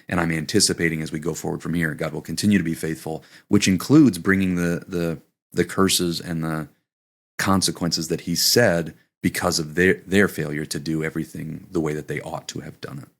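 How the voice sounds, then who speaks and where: A man's voice: extremely low pitch, vocal fry. A man co-hosting a casual Bible study discussion, thinking aloud with many hesitations and restarts. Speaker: podcast co-host.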